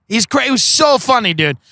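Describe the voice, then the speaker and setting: A man's voice: a little high, normal speed, fairly bright tone, dry recording. A man from Long Island hosting a podcast, telling comedic stories in a rambling, profane way full of filler words. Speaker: podcast host. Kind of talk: comedic storytelling.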